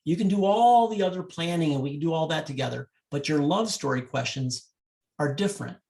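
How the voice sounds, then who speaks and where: A man working as a wedding DJ, speaking directly to couples and telling a love story in an animated way. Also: on the high side, fairly quick, gravelly.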